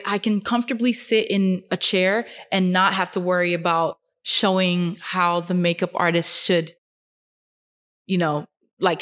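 A young woman in a casual vlog, sitting on a couch indoors and speaking earnestly to camera. Her voice sits in a middle pitch, and she lifts it sharply when she stresses a point, filling her pauses with "um" and "like.". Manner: earnest, animated, rising pitch on emphasis, frequent fillers. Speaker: fashion model and vlogger. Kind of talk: casual talking-to-camera monologue.

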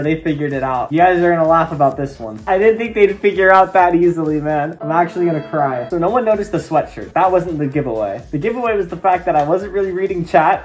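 A young man with a high, bright-pitched voice gives excitable reaction commentary as a gaming streamer. He is panicky and keeps exclaiming and laughing. Faint music plays behind him.

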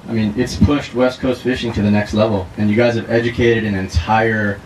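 A man with a fairly low voice gives a short thank-you speech, pausing often and filling gaps with "uh." He sounds grateful and a little unsure of his words. Steady outdoor noise sits clearly behind him. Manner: halting and grateful, many "uh"s. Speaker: winning angler giving thanks. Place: outdoor tournament weigh-in. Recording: noisy outdoor recording.

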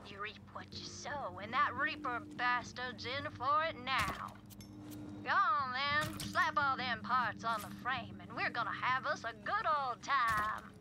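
A woman's voice: a little high, animated, a little slow. A woman voicing a folksy frontier woman who drawls out a spooky legend, in a game. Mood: gleeful instructing. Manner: drawling, storytelling, folksy slang. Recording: game audio with clear background noise.

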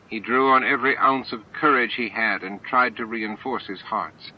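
A man narrating an amateur audiobook in a plain, steady reading voice. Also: lowish voice, normal speed, hardly any pauses, slight background noise. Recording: dull lo-fi homemade audiobook.

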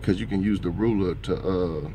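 A man's voice: low-pitched, moderate pace, dark tone, slight background noise. A man who drives trucks talking in a casual vlog monologue. He rambles in a motivational way and keeps tossing in "man".

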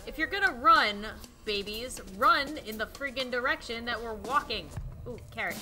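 A young woman commentating a game she plays, swinging between quiet sad musing and shrieking panic. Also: fairly high pitch, animated, measured pace, a little hiss or hum. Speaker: gaming YouTuber. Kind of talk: let's play commentary. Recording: game music playing underneath.

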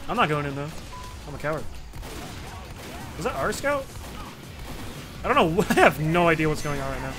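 A young man giving excitable, swearing, self-mocking commentary while he plays a game. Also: fairly high pitch, moderate pace, pauses often, over music. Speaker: gamer. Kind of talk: casual gameplay commentary.

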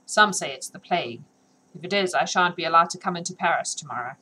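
A woman voicing a coarse, mocking old market hag in a read-aloud story, lowering her voice for the jeers. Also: animated, quick pace, pushed and bright, a little hiss or hum, low-quality recording. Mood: sly. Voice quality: coarse, jeering.

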